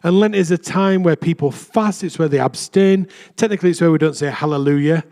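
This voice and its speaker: A man's voice: fairly high pitch, a little fast, darkish tone. A young adult man, a vicar, preaching a chatty, self-deprecating sermon in a church.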